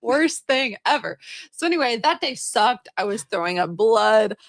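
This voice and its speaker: A woman's voice: on the high side, big pitch swings, normal speed, vocal fry, no echo, clean studio sound. A young woman co-hosting a podcast, telling a story in a rambling, laughing, apologetic way. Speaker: podcast co-host. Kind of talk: casual chat.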